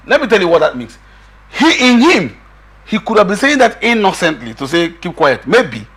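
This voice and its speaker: A middle-aged man with a husky voice, arguing emphatically as a guest in a political discussion, often repeating himself. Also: sits high, big pitch swings, normal speed, a bit bright. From Nigeria. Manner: emphatic, repeats himself, quotes others in raised voice.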